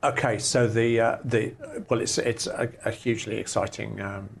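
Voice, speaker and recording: A man's voice: on the low side, steady tone, moderate pace, creaky. A man, a lab director, answering interview questions earnestly in long careful sentences. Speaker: lab executive director and scientist.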